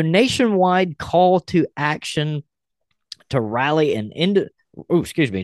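A man with a mid-range voice hosts a podcast, chatting casually and reading a post aloud with blunt, wry remarks. The recording is studio quality with no room sound.

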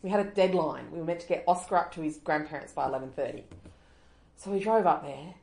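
A woman's voice: sits low, fast talker, creaky, a little mellow. A middle-aged Australian woman co-hosting a casual chat, ranting in exasperation and swearing freely. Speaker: podcast co-host.

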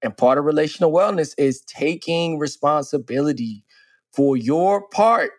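A relationship coach in his forties co-hosts a casual podcast, speaking earnestly and reflectively and slowly drawing out key phrases. His voice is on the high side, recorded dry in a clean studio.

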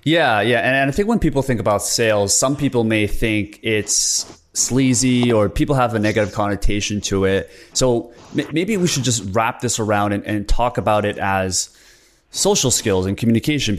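A man with a fairly low voice hosts a podcast interview. He asks his questions in a measured, slightly hesitant way, with restarts along the way. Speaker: podcast host.

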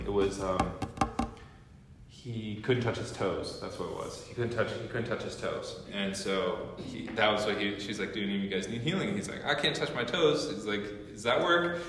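A young man giving a guest teaching at a training school, telling stories in an animated way and acting out what people said. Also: sits low, slight background noise. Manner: animated storyteller acting out quotes. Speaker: guest lecturer. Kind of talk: storytelling sermon. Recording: echoey hall with long reverb.

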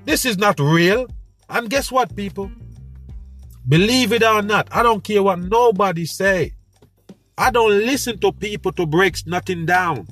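A man hosting his own show, telling a story in an animated, preachy way with street slang. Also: high voice. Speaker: podcast host. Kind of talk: casual monologue.

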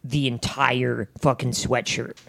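A man in casual chat, excitable and rambling, swearing freely. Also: medium pitch, takes it slowly, vocal fry, no room sound.

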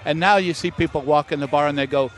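Middle-aged male guest, lively storyteller, a bit high-voiced. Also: quick pace, soft background music. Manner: animated anecdote-teller who acts out quoted voices. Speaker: master distiller guest. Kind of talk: casual storytelling interview.

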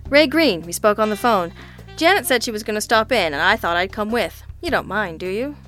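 Narrator voicing a polite, steely male detective, measured and firm. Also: mid-range voice, faint music behind, lightly acted. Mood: breezy. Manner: calm, courteous, firm. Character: brisk, polite adult male private detective.

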